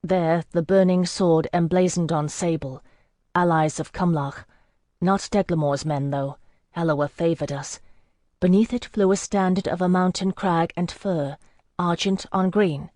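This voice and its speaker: Fantasy audiobook reader, measured first-person storytelling, mid-pitched, dead-dry booth sound. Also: steady tone, a little mellow, no room sound. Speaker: audiobook narrator.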